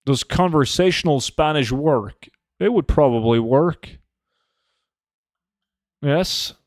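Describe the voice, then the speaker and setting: A man's voice: on the high side, expressive, takes it slowly, no echo, studio quality. A man chatting casually on a live stream, swearing often and joking as he answers his chat. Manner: swears a lot, joking and laid-back, reacts to chat. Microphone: desk microphone.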